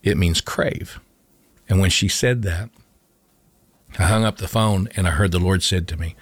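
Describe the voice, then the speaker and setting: A man's voice: sits low, unhurried, long pauses, husky, no echo. A middle-aged man, a former coach, telling a personal faith story in conversation, earnest, repeating and restarting his phrases. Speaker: interview guest, former coach.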